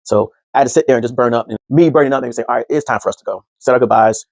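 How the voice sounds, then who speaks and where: A man with a creaky, medium-pitched voice talks very fast, with no echo, telling a casual personal story as a podcast host. Loose, conversational, and full of fillers, he's animated and acts out quoted speech in other people's voices.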